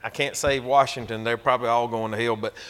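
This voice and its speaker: A man's voice: medium pitch, fairly even intonation, fast talker, fairly bright tone. A man with a Georgia Southern accent, preaching a sermon as a pastor and telling a story in a folksy, emphatic way. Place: church.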